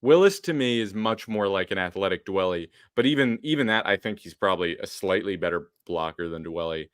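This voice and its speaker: A man's voice: low voice, fairly quick, clean tone, dry recording, studio quality. A man co-hosting a casual sports podcast over a video call, laid-back and joking, swearing now and then. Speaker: co-host.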